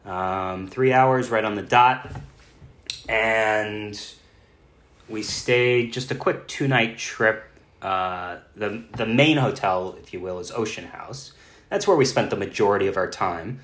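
A man's voice: lowish voice, slow, a bit bright. A man co-hosting a travel podcast in casual chat, self-deprecating and laughing often. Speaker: podcast co-host. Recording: roomy echo.

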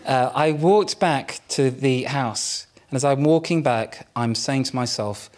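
Candid preacher man. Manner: candid, self-mocking, with dramatic pauses and shifts in pitch. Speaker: pastor. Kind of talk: sermon with personal story.

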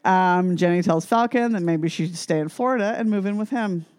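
A woman co-hosting a podcast, casually recapping a movie plot with animated quotes and swearing. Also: on the low side, brisk, dry recording. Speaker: podcast co-host.

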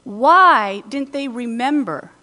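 A woman pastor giving a conversational sermon, retelling scripture with lively asides in a church. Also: on the high side, slow, long reverb tail.

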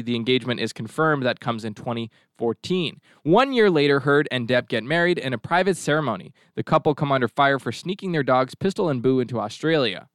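A man's voice: medium pitch, fairly bright tone, clear, resonant tone, no room sound, studio quality. A man hosting a talk show, casually recapping events with sarcastic asides. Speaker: podcast host. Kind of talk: casual commentary.

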